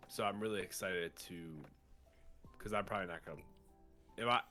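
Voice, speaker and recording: A man co-hosting a casual TV review chat, relaxed, trailing off with lots of ums. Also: deep voice, normal speed, soft background music. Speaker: co-host of a TV review show.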